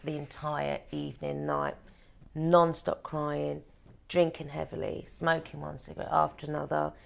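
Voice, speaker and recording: A woman's voice: deep voice, lively intonation, unhurried, gravelly. A woman who is a podcast guest, telling a personal story in a candid, matter-of-fact way. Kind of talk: personal conversation.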